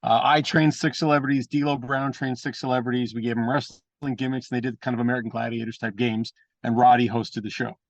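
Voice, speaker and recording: A man's voice: mid-range voice, brisk, few pauses, no room sound, dull audio. A man, a pro wrestler, telling blunt and profane stories in an interview and mimicking the people in them. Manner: animated anecdotes with mimicked voices. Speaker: guest, pro wrestler and trainer. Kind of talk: casual storytelling interview.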